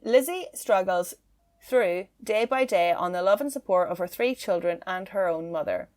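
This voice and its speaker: A woman hosting a casual true-crime podcast, chatty and quick to laugh. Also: lowish voice, animated, darkish tone. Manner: chatty, laughs easily, filler-heavy. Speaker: podcast host.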